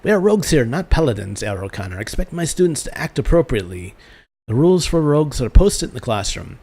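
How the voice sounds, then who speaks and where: A man's voice: medium pitch, sing-song, fast talker, warm tone, husky. A man voicing a stern older male rogue-class master with a put-on German accent, formal and lecturing.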